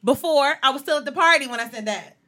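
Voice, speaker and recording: A young woman co-hosting a podcast, telling stories bluntly in a casual, animated chat. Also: high voice, fast talker. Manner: blunt, animated storytelling with profanity. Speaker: podcast co-host.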